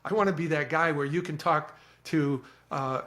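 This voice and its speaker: A man with a fairly high voice gives an earnest, animated account as a podcast guest. He often repeats words as he starts a thought. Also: normal speed. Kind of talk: reflective storytelling.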